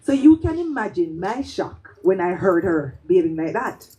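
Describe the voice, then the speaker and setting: A woman's voice: on the low side, sing-song, moderate pace, warm tone, low-quality recording. A Jamaican woman performing a spoken-word piece, telling her story with animation and slipping into patois. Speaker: poet.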